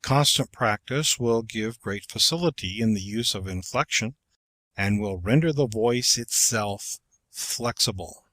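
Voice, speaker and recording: A man reading a public speaking textbook aloud as audiobook narration, in a slow, measured way through numbered exercises. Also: fairly low pitch, fairly bright tone, no echo.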